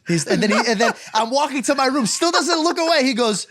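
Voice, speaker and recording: Animated young man with a high voice. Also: fast, few pauses, no echo, studio quality. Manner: animated, laughs often, uses slang like "bro". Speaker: podcast co-host. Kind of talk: casual storytelling chat.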